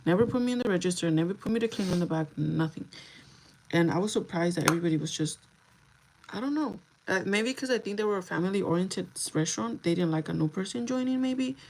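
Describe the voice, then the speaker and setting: A woman's voice: fairly low pitch, background noise. Chatty young woman telling a story. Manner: chatty, animated, swears freely, switches into Spanish. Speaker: livestream host. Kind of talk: casual storytelling to viewers.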